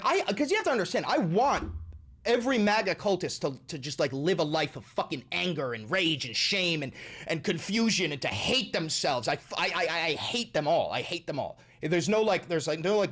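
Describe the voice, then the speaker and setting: A man hosting a livestream rant, profane and openly provocative. His voice sits high and swings widely between notes. He mocks and goads his listeners as he talks. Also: animated, a little fast, a bit bright. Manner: profane and mocking; taunting, provocative.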